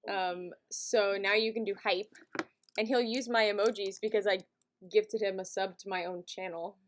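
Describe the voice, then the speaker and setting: A woman's voice: medium pitch, steady tone, normal speed, a little hiss or hum. A woman hosting a live stream, chatting casually and giggly with her viewers from a home setup. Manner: chatty and giggly, talks to chat.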